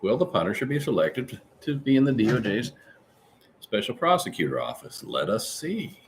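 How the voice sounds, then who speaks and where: A man's voice: moderate pace, a little hiss or hum. A man hosting a live-stream podcast, chatting casually and rambling as he reads out viewer comments. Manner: chatty, rambling, animated swings in pitch. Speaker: livestream podcast host.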